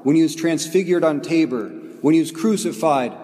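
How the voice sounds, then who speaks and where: Priest preaching in a reverberant church. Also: male voice, fairly high pitch, warm tone. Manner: earnest storytelling with slow emphatic phrases. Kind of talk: homily.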